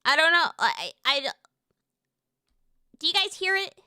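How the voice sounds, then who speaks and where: A young American woman streaming from home, chatting casually and rambling excitedly, with lots of restarts and fillers. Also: very high voice, moderate pace, dry recording, clean studio sound. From United States. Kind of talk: casual live-stream chat.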